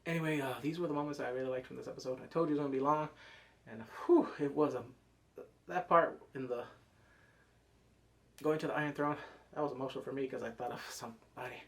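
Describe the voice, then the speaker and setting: A man reviewing a TV episode in a casual, animated way, swearing freely and acting out scenes with quick put-on voices. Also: medium pitch, creaky. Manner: swears casually, slangy and emotional. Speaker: TV show reviewer.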